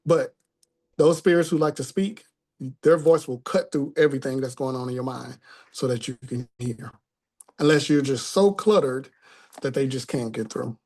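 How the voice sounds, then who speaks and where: A man's voice: mid-range voice, normal speed, a little mellow. A man teaching a spiritual class in a conversational tone, often checking in with the listeners.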